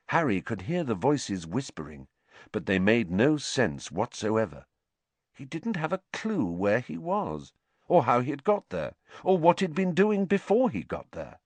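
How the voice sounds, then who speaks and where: A man narrating a story aloud with dramatic, expressive delivery. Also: fairly low pitch, a little slow, no echo. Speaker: audiobook narrator. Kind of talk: scripted narration.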